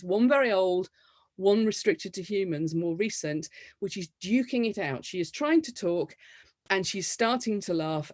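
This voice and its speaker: A woman from the United Kingdom giving an academic lecture, explaining things in a lively way. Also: mid-range voice, no room sound.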